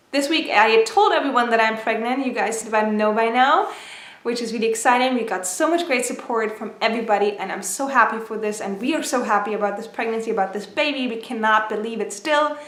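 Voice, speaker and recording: A young woman in her twenties talks through a casual vlog update, her voice sitting a little high. She sounds slightly out of breath and congested from a cold, but eager and chatty throughout. The room around her rings with noticeable echo. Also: normal speed. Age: 20s. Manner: excited, chatty storytelling. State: out of breath, stuffy nose from a cold. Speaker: vlogger.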